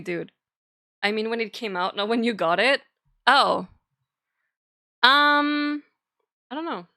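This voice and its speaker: A woman's voice: a little high, slow, long pauses, sharp tone, no room sound, clean studio sound. A woman streamer ranting in casual chat to her viewers, swearing a lot and sounding exasperated.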